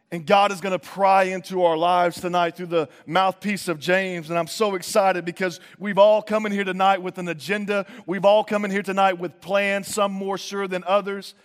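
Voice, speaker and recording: A man preaching a sermon in a conversational, animated way, acting out quoted voices. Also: sits high. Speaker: pastor. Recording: long reverb of a large hall.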